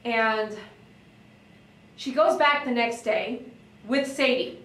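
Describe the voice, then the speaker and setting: A woman dog groomer chatting on a livestream, reading viewer comments and telling stories in an animated, excitable way that breaks into shouts. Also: on the high side, measured pace, long pauses, recorded from a distance. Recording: echoey room, voice away from the mic.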